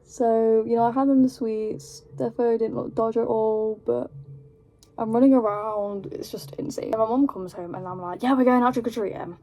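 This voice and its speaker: A woman's voice: fairly high pitch, normal speed. Chatty British young woman telling a story. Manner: rambling, animated storytelling full of fillers. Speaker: vlogger. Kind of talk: casual storytime chat.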